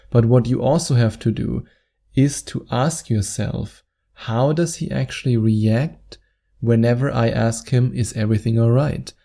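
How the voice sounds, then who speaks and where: A relationship coach gives advice in a video monologue, speaking in a medium-pitched, dark voice. He talks earnestly, rephrasing his points as he goes.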